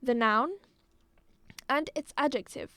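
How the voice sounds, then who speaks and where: Slow high-voiced woman teacher. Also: pushed and bright, no room sound. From Algeria. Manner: patient, repeats words slowly and clearly. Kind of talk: live online exam-prep lesson.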